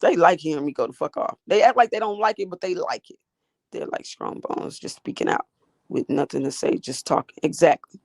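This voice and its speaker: This woman's fairly low, gravelly voice is a little mellow, with lively intonation and a brisk pace. On a phone livestream, she rants at her chat in a profane, sassy, combative way, and the audio has no echo.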